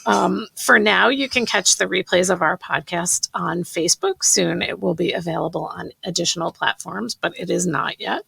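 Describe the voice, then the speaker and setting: A middle-aged woman with a gravelly, husky voice co-hosts a podcast in easy conversation. She is chatty and laughs often. Her voice sits a little low and sounds close and dry. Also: normal speed, few pauses, a bit bright, no room sound. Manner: chatty, laughs easily, reads testimonials aloud. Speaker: podcast co-host. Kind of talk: casual podcast chat.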